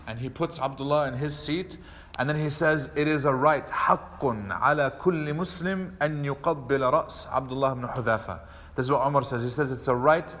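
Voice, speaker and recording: A man, an imam, giving a mosque lecture, telling a story and acting out the quoted speech with lively delivery. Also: on the high side. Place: mosque hall. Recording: long hall reverb.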